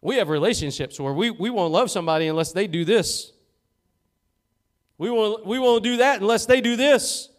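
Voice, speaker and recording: A man preaching a sermon as pastor in a church, fervent and swinging from loud to hushed. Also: high voice, lively intonation, moderate pace. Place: church sanctuary.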